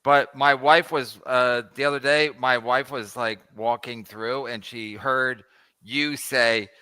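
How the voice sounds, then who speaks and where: A man hosting a casual podcast, telling an animated story and acting out the quoted dialogue. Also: mid-range voice, slow pace, smooth. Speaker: podcast host.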